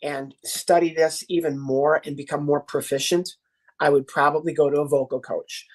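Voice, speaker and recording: A man's voice: a little high, normal speed. A man in his sixties, guest on a casual podcast, explaining ventriloquism in a playful, loose way. He jokes as he goes and keeps the talk light. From Chicago. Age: 60s. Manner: playful, lively, slips into character bits.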